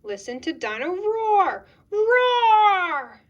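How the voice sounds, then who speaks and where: A roaring, singing toy dinosaur from a children's storybook, as a woman reader puts it on. It chants its own name in a high, loud, sing-song voice. The sound pushes well above a normal speaking level. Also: big pitch swings, extremely slow, highs cut off, exaggerated voice.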